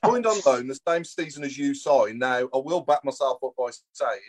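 Man, podcast host, upbeat, explaining, mid pitch. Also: normal speed, a crowd in the background. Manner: explaining, upbeat, laughs along. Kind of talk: casual podcast chat.

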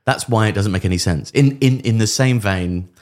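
Brief: male comedy podcast co-host, very low voice, dry deadpan delivery. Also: moderate pace. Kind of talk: casual comedic chat.

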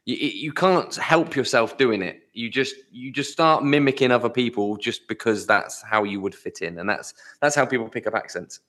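Guy cohosting a chatty podcast, mid pitch, laid back and amused. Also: normal speed, hardly any pauses, fairly bright tone. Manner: casual, amused, trails off with fillers. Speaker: podcast co-host. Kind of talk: casual chat.

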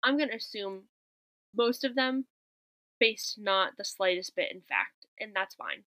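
A woman's voice: mid-range voice, unhurried, fairly bright tone, dry recording, rough recording. A woman co-hosting a podcast, chatting casually and wryly as she recaps a movie scene by scene. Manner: chatty, wry, recounting scenes with quoted lines. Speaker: podcast co-host.

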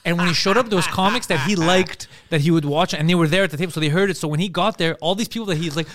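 A man with a high voice tells a profane story at a quick clip, acting out every quoted line. He sounds like a comedian on a podcast. The sound is close and dry. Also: no room sound. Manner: animated, profane storytelling, acts out quoted lines. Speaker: comedian guest.

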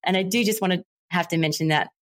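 Woman podcast host, lowish voice, reflective and chatty. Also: fast talker. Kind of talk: conversational interview.

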